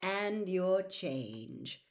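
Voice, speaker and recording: A woman voicing a suspicious middle-aged male Muggle campsite keeper who talks curtly and slowly. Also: mid-range voice, expressive, close to an everyday voice. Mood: placid. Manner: blunt, curt, slow-spoken.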